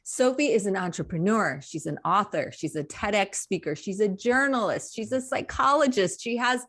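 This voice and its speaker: A woman co-hosting a casual podcast, chatting with warm enthusiasm. She gushes while she introduces a guest and laughs easily between sentences. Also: mid-range voice, animated, moderate pace. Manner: gushing, laughs often. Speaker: podcast co-host.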